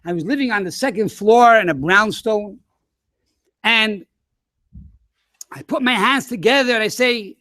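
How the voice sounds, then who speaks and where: A man, a rabbi, telling an animated story to schoolchildren over a webinar. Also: high-pitched, unhurried, pauses often, dry recording, studio quality. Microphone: webinar microphone.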